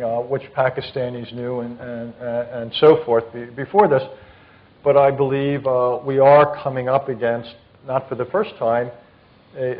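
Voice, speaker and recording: Man, mid pitch, deliberate, hesitant fillers, tinny lo-fi recording. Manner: measured, deliberate, many filler pauses and restarts. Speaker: foreign policy panelist. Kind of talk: policy talk at a panel session. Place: conference hall. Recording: tinny phone-like sound.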